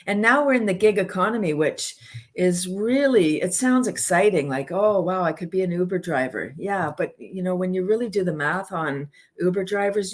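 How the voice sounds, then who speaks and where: A woman speaks as a podcast guest with a somewhat low voice. She talks with passion, building her points with lots of fillers. The delivery is eager and conversational. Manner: enthusiastic, passionate, filler-heavy. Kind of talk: casual interview chat.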